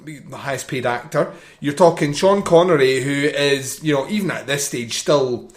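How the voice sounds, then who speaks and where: A man co-hosting a casual film podcast, talking with eager enthusiasm. His voice sits in a middle pitch, and he laughs easily and restarts his sentences as his thoughts run ahead. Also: normal speed. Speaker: podcast co-host.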